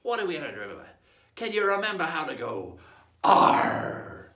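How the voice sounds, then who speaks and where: A man with an Australian accent playing a pirate captain for kids, laughing often and leading call-and-response shouts in a playful lesson aboard a ship. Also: a little high, big pitch swings, fast. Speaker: pirate-themed children's presenter. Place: aboard an old sailing ship in a harbour. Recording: echoey sound from a distant mic.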